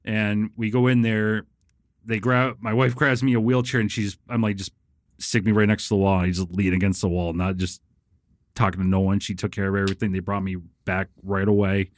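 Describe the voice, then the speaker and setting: A man's voice: on the low side, level tone, brisk, dry recording. A man telling a story casually, swearing a lot and laughing as he acts out the people in it. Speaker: guest.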